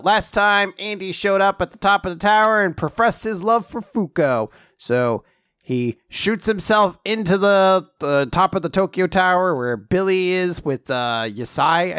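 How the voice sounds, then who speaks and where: A man in casual chat, animated and laughing often as he swears and acts out character lines. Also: high voice, smooth, no echo, clean studio sound. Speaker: podcast co-host. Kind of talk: casual chat recapping a comic.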